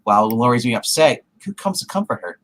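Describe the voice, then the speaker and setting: A man's voice: medium pitch, sing-song, fast talker. A man co-hosting a comic review, talking casually with many fillers. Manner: filler-heavy, chatty. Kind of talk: casual chat.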